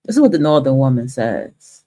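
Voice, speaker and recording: A woman's voice: extremely low pitch, big pitch swings, moderate pace, dark tone. A woman from the northern United States hosting a talk stream and giving a blunt, profane opinion monologue, often restarting her sentences.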